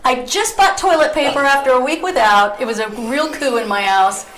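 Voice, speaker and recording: A middle-aged woman hosting a talk radio show, telling a story in a lively, chatty way and often breaking into laughter. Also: sits high, brisk. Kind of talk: casual talk radio monologue. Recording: roomy echo.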